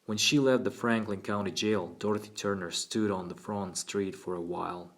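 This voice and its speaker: Male audiobook narrator, steady and measured, very deep voice. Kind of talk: scripted narration.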